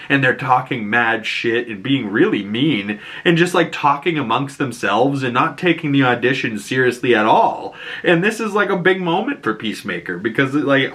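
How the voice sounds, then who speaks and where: Boston dude with a bright, forward voice, rambling through a tv recap and laughing a lot. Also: male voice, medium pitch. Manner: loose rambling retelling, often laughing. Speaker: TV recap YouTuber. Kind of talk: casual episode breakdown.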